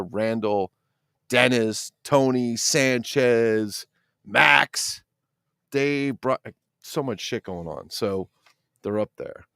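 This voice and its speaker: A man's voice: lowish voice, gravelly, a bit bright, no echo, clean studio sound. A middle-aged man hosting a casual toy-collector livestream, rambling and swearing while he reads the chat.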